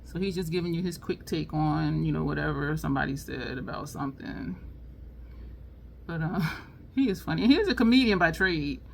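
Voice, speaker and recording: A woman's voice: moderate pace, creaky. A woman chatting casually while doing her makeup, telling a funny story with lots of laughter. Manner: chatty, laughing storyteller, lively swings in pitch. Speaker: beauty vlogger. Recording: faint background noise.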